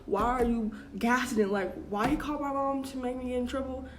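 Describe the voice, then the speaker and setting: A woman's voice: sits high, brisk, slight background noise. A young adult woman telling a casual storytime, chatty and full of slang, acting out what her family said. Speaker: vlogger.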